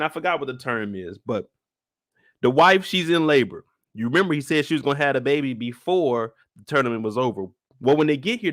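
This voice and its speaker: A young man, hosting a casual live show recap and acting out the characters as he talks. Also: fairly high pitch. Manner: animated storytelling, acts out characters in quick voice switches.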